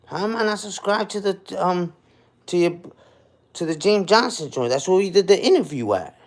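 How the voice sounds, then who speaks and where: He's a man in his forties with a high, expressive voice and a moderate pace. He runs a laid-back livestream chat on his phone, replying to viewers in slangy, chatty fashion and tacking "you heard?" onto his lines.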